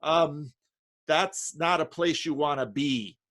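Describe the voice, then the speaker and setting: A man from New Jersey talks through a casual video call as host, his voice sitting a little higher than most men's. He speaks in halting bursts, stopping and restarting phrases and leaning on fillers as he thinks aloud. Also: fairly bright tone. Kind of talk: casual conversation.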